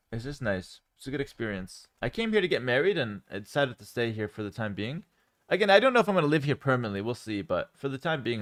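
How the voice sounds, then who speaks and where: A young Canadian man sits at home on a casual livestream, reading chat questions and answering them. His mid-range voice sounds relaxed and rambling, full of ums and repeated words.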